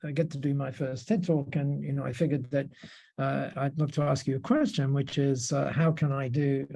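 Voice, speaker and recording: A man, a podcast guest, telling long anecdotes in an interview, with many restarts and quick laughs. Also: medium pitch, gravelly, mellow, slightly rough.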